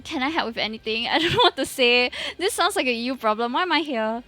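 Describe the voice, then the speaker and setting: A woman's voice: high-pitched, animated, fast, pushed and bright. A woman from Singapore with a Singaporean English accent, chatting playfully on a live stream, dropping Singlish particles and laughing often. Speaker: VTuber streamer. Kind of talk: casual live-stream chat.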